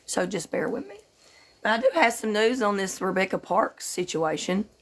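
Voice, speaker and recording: A woman's voice: mid-range voice, very animated, slight background noise. A woman hosting a casual livestream, greeting viewers by name in a loose, slightly sleepy way. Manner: slightly slow and drowsy, just woke up. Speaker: livestream host.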